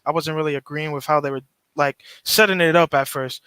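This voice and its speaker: A man's voice: a little high, steady tone, brisk, bright, forceful tone, smooth, dry recording. A male guest on a casual podcast, speaking hesitantly with many fillers and repeated words.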